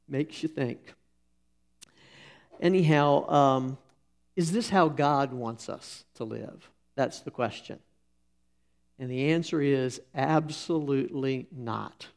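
A man's voice: medium pitch, takes it slowly, vocal fry, pauses often. A middle-aged man preaching a sermon, telling folksy stories with fillers and restarts. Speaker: pastor. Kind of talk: sermon with anecdotes.

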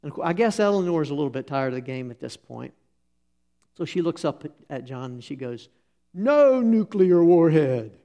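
Middle-aged male preacher, raspy gravelly tone, relaxed folksy anecdotes. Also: medium pitch, fast. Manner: folksy storytelling, many fillers and restarts. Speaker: pastor. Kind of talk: sermon with anecdotes.

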